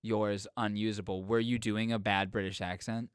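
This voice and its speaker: A man's voice: fairly low pitch, flat delivery, clear, resonant tone, no room sound, clean studio sound. A man co-hosting a podcast, chatting casually and jokingly about a movie he just watched. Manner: jokey, riffing, quick asides. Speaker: podcast co-host. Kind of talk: casual movie review chat.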